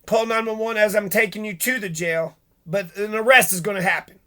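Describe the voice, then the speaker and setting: Man, middle-aged, profane ranting vlog, high voice, bright tone. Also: fairly even intonation, fairly quick, smooth. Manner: profane, agitated, rhetorical questions. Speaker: vlogger. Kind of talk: angry ranting monologue.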